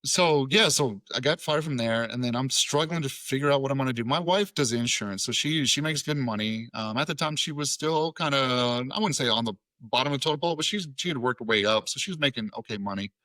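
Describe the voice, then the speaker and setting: A man in his thirties from Tennessee tells a story as a podcast guest. His voice is bright and forceful. He swears easily and slips into the voices of everyone in the story, and the recording is dry and close. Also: medium pitch, quick pace, hardly any pauses, dry recording. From Tennessee, USA. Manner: profane, acts out quoted dialogue. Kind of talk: casual storytelling.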